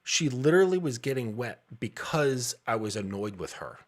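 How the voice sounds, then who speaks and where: A man's voice: medium pitch, lively intonation, moderate pace. A man in his thirties, a dating coach, talking bluntly and casually with frequent profanity and laughs.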